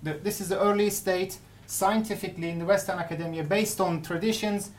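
A woman giving a conference paper presentation, speaking haltingly with many restarts and fillers. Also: medium pitch, steady tone. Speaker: academic presenter.

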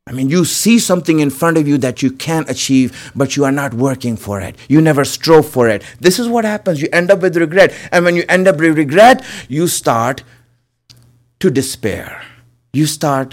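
Earnest man preaching, slightly high voice. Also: expressive, normal speed. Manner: earnest, repeats phrases for emphasis, addresses listeners as my friends. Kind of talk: religious sermon.

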